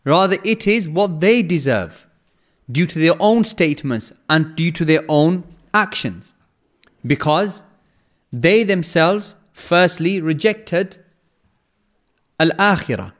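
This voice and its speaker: A man giving an explanatory religious lecture, speaking in a measured way, repeating phrases for emphasis and reciting verses in Arabic. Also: a little high, lively intonation, fairly bright tone. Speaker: Quran lecturer.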